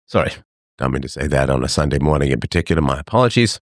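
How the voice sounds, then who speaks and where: A middle-aged man hosting a livestream, talking to his chat in a sarcastic, animated monologue. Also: rapid-fire, no room sound, studio quality. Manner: animated, sarcastic, mimics others in higher voices. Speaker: livestream host. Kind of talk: casual monologue to live chat.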